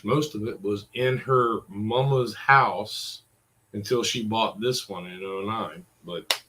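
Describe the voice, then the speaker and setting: A man's voice: lowish voice, slow pace, bright, forceful tone, a little hiss or hum, poor audio. A man in his forties ranting in a rambling, exasperated way, full of curses. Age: 40s. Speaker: vlogger. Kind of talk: casual ranting monologue.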